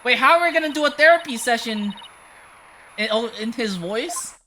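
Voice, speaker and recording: A young woman giving casual let's-play commentary, chatty, excitable and laughing often. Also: fairly high pitch, normal speed, a little hiss or hum. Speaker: game streamer. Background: game music.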